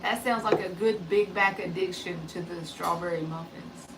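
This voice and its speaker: A woman's voice: on the low side, normal speed, distant mic. A woman in her forties chatting casually and jokingly on a live stream as a tarot reader, passing along remarks from someone off-mic. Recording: voice a bit off-mic, faint background noise.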